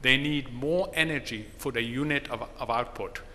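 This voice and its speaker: Man lecturing in a bright voice. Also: mid-range voice, slight background noise. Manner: measured, explanatory, tells a joke. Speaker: seminar speaker on the economy. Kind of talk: seminar talk. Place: conference hall. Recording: long hall reverb.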